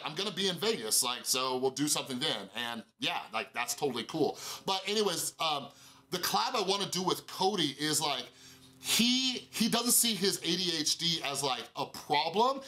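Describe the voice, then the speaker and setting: A man telling a casual storytime vlog, animated and full of fillers, acting out quoted dialogue in a higher voice. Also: low-quality recording. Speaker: YouTuber.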